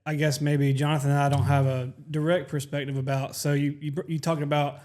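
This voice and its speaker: A man's voice: fairly high pitch, flat delivery, brisk, a little mellow. A man co-hosting a casual chat, asking thoughtful questions with hesitant phrasing. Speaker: podcast co-host.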